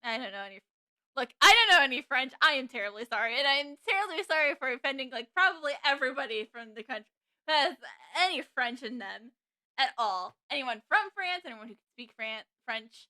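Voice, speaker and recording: A giggly woman chats through her game playthrough, teasing herself with a lively, very bright voice that climbs high. Soft game music hums in the background. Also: a little fast. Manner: giggly, self-deprecating. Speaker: let's-play host. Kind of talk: casual game commentary. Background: faint game music.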